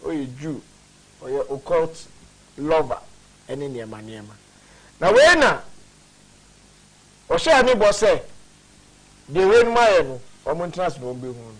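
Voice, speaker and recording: A man's voice: fairly high pitch, sing-song, a little slow, pauses often, low-quality recording. A man hosting a history discussion, speaking expansively and emphatically in Twi mixed with English.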